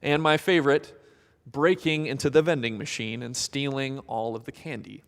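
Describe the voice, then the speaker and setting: Pastor preaching dramatically in a reverberant hall. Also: male voice, medium pitch, fairly even intonation, normal speed, vocal fry. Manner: dramatic, acts out voices of people in the story. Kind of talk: sermon.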